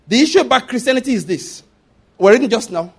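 High-pitched male preacher, emphatic and repetitive sermon delivery. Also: expressive, fast, creaky, slightly rough. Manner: emphatic, repeats phrases, asks listeners if they follow.

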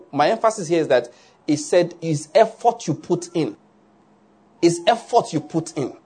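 Husky-voiced male preacher. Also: fairly high pitch. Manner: animated, asks "are you getting my point?" often, laughs along. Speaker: pastor. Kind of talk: sermon.

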